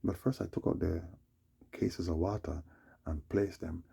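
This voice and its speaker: A man with a very low, gravelly voice spins a rambling personal story. His tone is dark and heavily husky, and he keeps tagging lines with "you know" and "man". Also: fairly even intonation, unhurried. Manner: meandering, fills with "you know what I'm saying" and "man". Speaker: vlogger.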